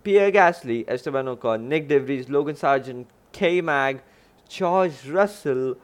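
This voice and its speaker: A young man from India hosts his own podcast. He rambles through his commentary, trips over his words and corrects himself as he goes. His voice sits in an ordinary middle pitch. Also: expressive, a little slow. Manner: rambling, self-correcting, restarts often. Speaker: podcast host.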